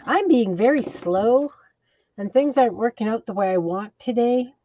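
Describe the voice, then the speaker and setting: A middle-aged woman hosting an art live stream, chatting in an easygoing way and thinking out loud. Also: fairly high pitch, lively intonation, moderate pace, slight background noise. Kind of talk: casual chat. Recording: dull, dry online stream audio.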